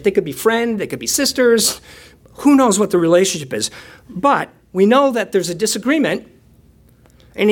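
A man preaching a sermon in a conversational, self-deprecating way, moving between quiet reflection and lively storytelling with playful asides. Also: extremely high pitch. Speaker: pastor.

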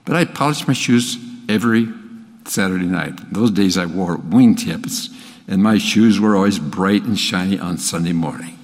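A man's voice: sits low, normal speed. An older man preaching a sermon in a folksy, plain-spoken way, with small restarts. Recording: long reverb of a church hall.

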